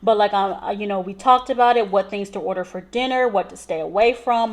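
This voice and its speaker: A woman nurse telling patient stories in a casual vlog, chatty and animated, full of "like" and "so". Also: medium pitch, fairly quick, hardly any pauses. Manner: chatty, animated retelling with lots of "like" and "so".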